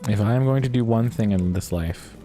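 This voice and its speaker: Give me a low-voiced man rambling through a story while he streams a game, with a little music behind. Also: a little fast. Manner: rambling, swears, laughs at himself. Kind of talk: casual storytelling while gaming.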